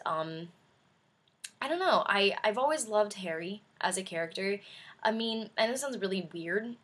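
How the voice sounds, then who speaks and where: A woman's voice: lowish voice, fairly bright tone, slightly rough. A young adult woman chatting in a casual video review, effusive and rambling with many fillers. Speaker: vlogger.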